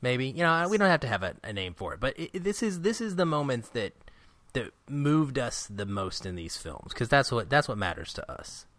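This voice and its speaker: A man's voice: medium pitch, dry recording. A man co-hosting a film podcast, chatting casually and animatedly, laughing often and mimicking characters' lines. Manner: animated, laughing, doing quick impressions of characters. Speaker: podcast co-host.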